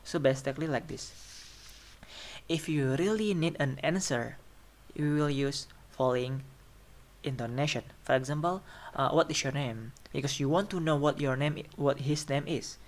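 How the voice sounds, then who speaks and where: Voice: mid-range voice, normal speed. A presenter explaining phonetics in an informal classroom style. They hesitate and restart often, and keep checking in with "right?". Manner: checks understanding with tag questions like "right?".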